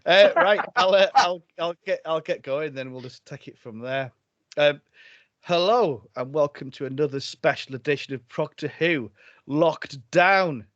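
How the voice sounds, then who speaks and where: A man's voice: on the high side, a little slow, a bit bright, no room sound. A man hosting a podcast over a video call, chatting casually, laughing often and tripping over his words. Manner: jokey, laughs often, restarts a lot. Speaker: podcast host. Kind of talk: casual chat. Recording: dry, slightly dull audio.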